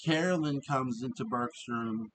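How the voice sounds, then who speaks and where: A man giving a casual, rambling review of an old TV episode. He often restarts, fills pauses and laughs as he talks. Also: medium pitch, a little hiss or hum, low-quality recording.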